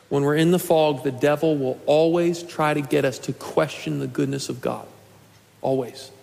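A man in his twenties preaching a sermon to his church, earnest and pleading, at times rising to a shout. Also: on the high side, vocal fry. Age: 20s. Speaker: pastor. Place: church sanctuary. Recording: long hall reverb.

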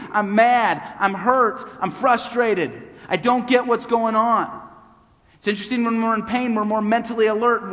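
Male pastor, high voice, emphatic repetitive preaching, long hall echo. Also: fairly bright tone. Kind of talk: sermon.

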